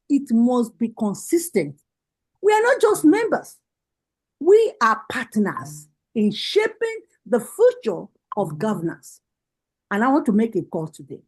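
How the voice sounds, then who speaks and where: A woman's voice: a little high, very animated, moderate pace, a little mellow, slightly rough, poor audio. A Nigerian woman giving a rallying political speech over a video call, with repeated, impassioned calls to action. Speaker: party women's leader giving a speech.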